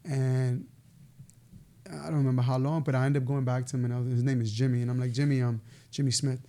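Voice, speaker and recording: A man, telling stories in a casual, animated way as a podcast guest, laughing now and then. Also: mid-range voice, fast. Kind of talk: casual storytelling interview.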